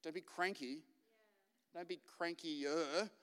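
A man preaching a lively, joking sermon full of anecdotes. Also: fairly high pitch, takes it slowly. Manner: chatty, joking, acts out quotes. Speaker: pastor. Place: large church hall. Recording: live church recording with long reverb.

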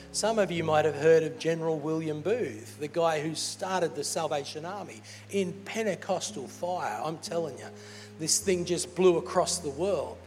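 A man preaching a sermon as pastor, animated and playful, laughing between points. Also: on the high side. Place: large church hall. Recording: church hall with reverb and faint music.

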